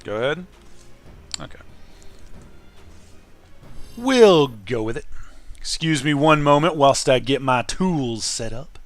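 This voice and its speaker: Animated man streaming a game. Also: mid-range voice, no room sound, faint music behind. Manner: animated, quick shifts between loud outbursts and muttering. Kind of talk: casual gaming stream chat.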